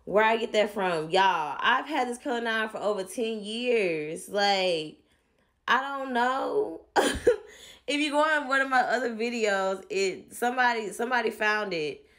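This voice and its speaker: A woman's voice: mid-range voice, a bit bright. A young woman chatting casually to viewers while doing a hair tutorial, with playful asides and a mock rant. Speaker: hair vlogger.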